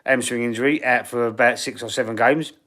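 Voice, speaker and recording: A man from East London with a Cockney accent and husky, wheezy breathing, hosting a casual live-stream Q&A in a blunt, slangy way. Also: mid-range voice, fairly even intonation, a little fast, fairly bright tone. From East London, England. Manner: blunt, slangy and chatty, calling viewers bro and mate. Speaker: fan channel live streamer.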